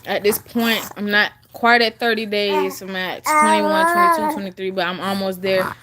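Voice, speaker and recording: The recording is very noisy as a young woman vlogger in her twenties chats to camera at normal speed in a medium-pitched voice. Gum-chewing and full of fillers and restarts, her talk stays casual.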